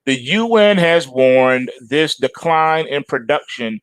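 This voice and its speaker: A man's voice: expressive, slow pace, fairly bright tone, clear, resonant tone, no room sound. A man hosting a live trading stream, talking casually and joking with his chat. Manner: playful, jokey, swings into high mock-whiny bits. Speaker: trading show host.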